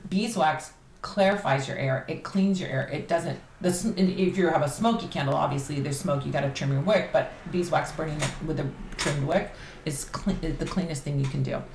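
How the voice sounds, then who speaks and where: A woman talking casually on a podcast about candle magic, chatty and animated. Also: low-pitched. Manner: chatty, animated, laughs easily. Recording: roomy echo, faint background noise.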